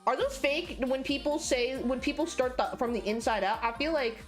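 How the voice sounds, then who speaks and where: A woman's voice: sits high, normal speed, soft background music. A young adult woman streaming live as she draws, chatting casually in a rambling, profane, filler-heavy way. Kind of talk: casual livestream chat while drawing.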